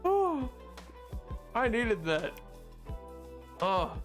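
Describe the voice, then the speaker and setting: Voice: medium pitch, big pitch swings, very slow, faint music behind. A streamer on a live gaming stream, loopy and giddy, laughing hard through nearly every sentence.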